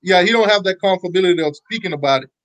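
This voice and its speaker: A man's voice: high voice, racing, a bit bright, low-quality recording. A man from Jamaica, speaking thoughtfully in a casual chat.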